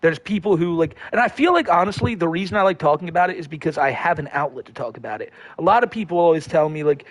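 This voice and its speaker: A man's voice: on the high side, lively intonation, quick pace, hardly any pauses, dry recording. A man hosting a livestream, reading viewer comments in a rambling, profane, laid-back way. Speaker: livestream host.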